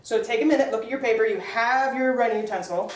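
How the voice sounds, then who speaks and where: Upbeat teacher in an echoey classroom. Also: female voice, fairly high pitch, far from the mic, a little hiss or hum. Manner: brisk, upbeat, quizzing students. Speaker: English teacher.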